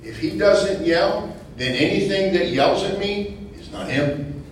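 A man preaching informally to a small group, conversational, repeating phrases and asking rhetorical questions, building to loud emphatic bursts. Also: sits high, measured pace. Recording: echoey room from far off, faint noise.

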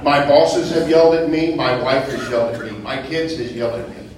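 A man's voice: on the high side, a little fast. Man preaching in an echoey room. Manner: conversational, repeats phrases, asks rhetorical questions. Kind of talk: informal teaching to a small group. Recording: echoey room from far off, faint noise.

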